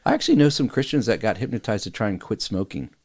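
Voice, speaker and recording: A man's voice: on the low side, animated, quick pace, a little mellow. A man co-hosting a casual podcast, chatting, laughing often and reading passages aloud. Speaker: podcast co-host.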